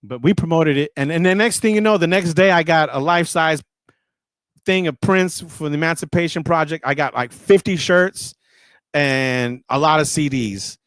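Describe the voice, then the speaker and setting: A man's voice: a little high, moderate pace, clear, resonant tone, no room sound. A middle-aged man, a radio and music industry guest, telling stories in a casual interview and often repeating and restarting his words. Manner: animated, repeats and restarts words when excited.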